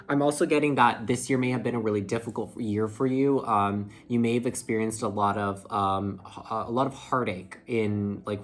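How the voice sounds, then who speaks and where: A tired man giving a casual, heartfelt tarot reading, talking in a chatty way full of fillers. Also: on the low side. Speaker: tarot reader. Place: indoors under a ring light.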